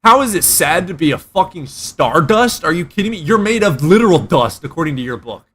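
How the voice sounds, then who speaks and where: A man's voice: a little high, very animated, fairly quick, fairly bright tone, husky. A man hosting a casual debate chat, ranting and swearing freely. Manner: profane, ranting. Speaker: streamer host.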